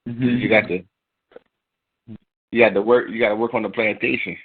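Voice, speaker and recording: A man's voice: fairly low pitch, steady tone, moderate pace, slightly rough. A man calling in to a talk radio show, rambling with many fillers and asides. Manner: rambling, lots of fillers and "you know what I'm saying". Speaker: caller. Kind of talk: casual call-in talk. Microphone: phone call. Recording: tinny phone line.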